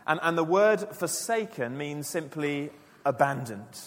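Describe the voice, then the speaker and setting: A man preaching a sermon to his church, earnest and emphatic, dropping his voice low and quiet for key lines. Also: lively intonation, a little slow. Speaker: pastor. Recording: long church reverb.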